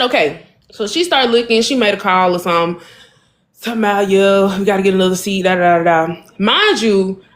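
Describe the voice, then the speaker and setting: A podcast co-host tells a long story straight to her listeners, calling them y'all. Her voice sits a little high for a woman. She talks in an animated, exasperated, casual way.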